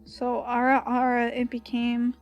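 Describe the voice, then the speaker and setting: A woman's voice: a little high, monotone, a little slow, highs cut off, soft background music. A young woman with a Valley girl accent, chatting casually on stream while drawing, giggly and full of "like" fillers.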